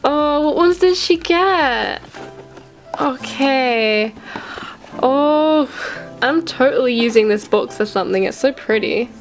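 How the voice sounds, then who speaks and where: A woman vlogging as she unboxes gifts, gushing and excitable, gasping with delight. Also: high voice, takes it slowly, faint music behind. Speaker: LPS collector vlogger. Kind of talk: unboxing vlog.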